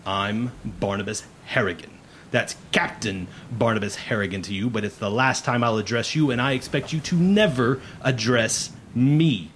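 A man doing a booming stern pirate captain. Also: fairly bright tone, a little hiss or hum, natural voice. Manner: slow, booming, commanding.

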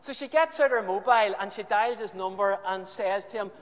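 Brief: high-voiced male preacher, lively storyteller, echoey hall sound. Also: a little fast, hardly any pauses. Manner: animated storytelling, emphatic repetition. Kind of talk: sermon.

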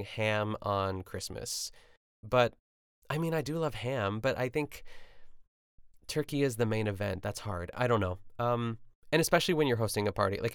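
A man's voice: fairly low pitch, gravelly, smooth, dry recording, studio quality. A young man hosting a podcast, chatting casually and rambling through a cooking show recap with lots of fillers and asides. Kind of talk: casual chat.

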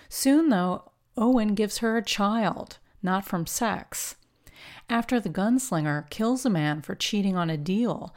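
Woman narrator, scripted film commentary, even mid-range voice, dry wit. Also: medium pitch.

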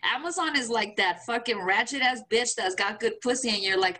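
A woman's voice: fairly high pitch, expressive, fairly quick, sharp tone. A woman co-hosting a casual podcast, teasing her friend with crude slang and frequent laughs. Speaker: podcast co-host. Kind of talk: casual chat.

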